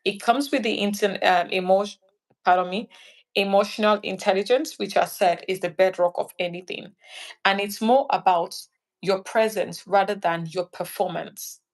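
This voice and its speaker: Lady guest on a chat show, animated, acts out little scenes as she talks. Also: mid-range voice, moderate pace. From Nigeria. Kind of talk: casual interview chat.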